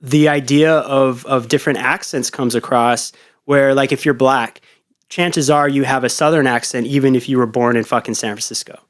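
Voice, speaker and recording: A man's voice: medium pitch, fairly even intonation, normal speed. A young man hosting a podcast in loose, casual chat, swearing often and rambling through ideas with many fillers. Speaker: podcast host.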